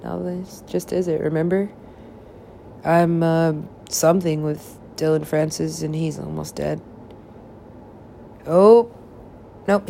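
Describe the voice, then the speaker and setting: A woman's voice: low-pitched, creaky, warm tone, slight background noise. A woman rambling in a drifting, profane monologue that often drops to a whisper.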